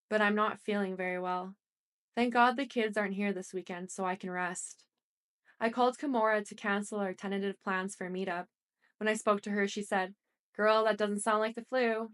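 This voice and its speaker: A woman reading a first-person story aloud as an audiobook narrator, in a plain, steady manner. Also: mid-range voice.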